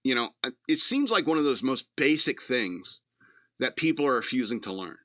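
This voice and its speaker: A male talk radio host reads news items aloud and breaks off into blunt, profane commentary. His manner is sardonic, and he chuckles at his own jokes. His voice is forceful and bright, recorded dry and close. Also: medium pitch, sing-song, moderate pace, no room sound.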